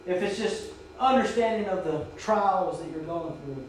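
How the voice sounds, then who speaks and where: Heard from far off in a reverberant church, a male pastor with a high, animated voice preaches at a moderate pace. He narrates a story, urges the congregation and bellows quoted drill commands, with slight background noise present.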